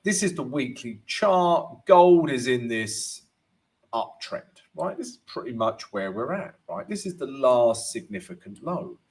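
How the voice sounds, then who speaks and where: Unhurried man with a lively, bouncing voice. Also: medium pitch. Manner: peppers talk with "right?" and "you know"; chatty, greets viewers by name. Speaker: forex trading analyst and host. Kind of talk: live stream chart analysis and Q&A.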